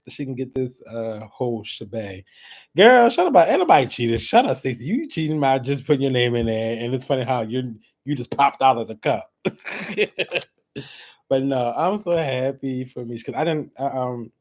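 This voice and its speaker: A man hosting a casual giveaway vlog at home, chatting as he draws winners, laughing often and breaking into high excited squeals. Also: a little hiss or hum. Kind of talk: casual chat while drawing giveaway winners.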